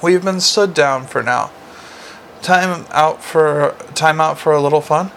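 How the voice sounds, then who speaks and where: A man's voice: on the high side, measured pace, creaky, a bit bright, a little hiss or hum. A man voicing a prying, coaxing young vampire policewoman in an audiobook. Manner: probing, coaxing.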